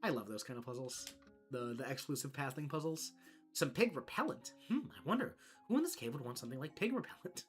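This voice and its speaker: A streamer giving relaxed, chuckling commentary during a video game playthrough. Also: medium pitch, quick pace, faint music behind.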